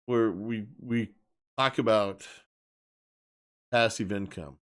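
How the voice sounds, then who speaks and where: A man's voice: fairly low pitch, steady tone, takes it slowly, a bit bright. A man hosting a live stream, speaking bluntly and emphatically in a casual rant and often repeating himself.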